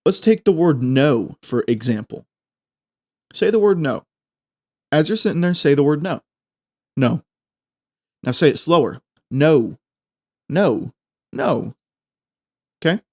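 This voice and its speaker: A young man, hosting a podcast and chatting casually through a language lesson, repeating phrases slowly as he explains. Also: a little high, expressive, a little mellow. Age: 20s. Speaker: podcast host.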